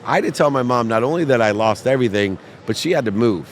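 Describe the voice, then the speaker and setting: Man guest, mid-pitched, animated storyteller, faint street noise behind. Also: quick pace. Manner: animated, acts out voices in his stories. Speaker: podcast guest. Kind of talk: emotional storytelling.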